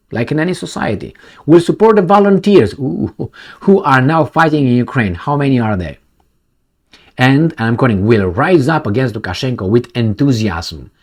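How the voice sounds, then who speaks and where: A man reading a news article aloud and commenting on it, sarcastic and full of rhetorical questions. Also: on the high side. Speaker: political commentator.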